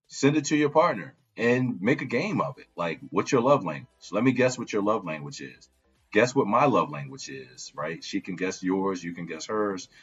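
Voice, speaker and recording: Man, deep voice, relationship advice host, chatty, keeps asking "right?", muffled lo-fi sound, faint music behind. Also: slightly rough. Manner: conversational, frequent "right?" check-ins. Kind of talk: casual advice talk.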